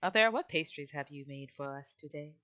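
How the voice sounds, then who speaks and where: A woman's voice: low voice, expressive, fairly quick, sharp tone, no echo, highs cut off. A woman narrating a tabletop game as game master, casual and laughing often.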